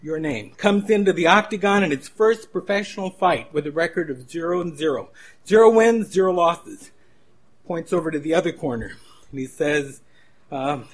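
A man's voice: fairly high pitch, expressive, normal speed. A man preaching a sermon in a conversational storytelling manner, with frequent restarts.

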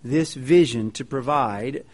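A man preaching a sermon in a folksy, joking way, reading scripture and telling stories with lively emphasis. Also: mid-range voice, slow. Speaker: pastor.

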